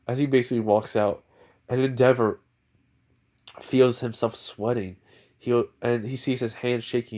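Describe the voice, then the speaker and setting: A young man narrates a fan fiction story off the cuff, rambling and filling gaps with "you know" and "um." His voice sits at a middling pitch. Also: expressive, a little slow, long pauses, a little mellow. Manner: rambling, filler-heavy.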